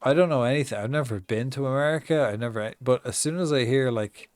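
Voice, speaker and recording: A man's voice: mid-range voice, fast talker, darkish tone, dry recording. An Irish man chatting casually on a live gaming stream, swearing often and telling stories with mock-acted reactions. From Ireland. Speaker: game streamer.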